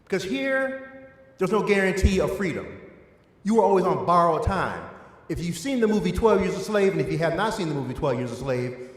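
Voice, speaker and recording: A man's voice: sits high, very animated, a little fast. A man with an Eastern Shore of Maryland accent teaching an adult church class, stressing his points with a voice that climbs and drops for emphasis. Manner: emphatic, rising and falling for stress. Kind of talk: adult education lecture. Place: church hall. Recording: echoey hall with long reverb.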